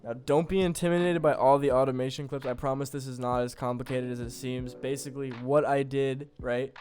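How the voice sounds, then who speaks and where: A man's voice: mid-range voice, fairly even intonation, a little fast, darkish tone, faint music behind. Young man casually explaining beat-making. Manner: loose, filler-heavy, self-deprecating. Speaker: beat producer. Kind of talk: casual tutorial narration.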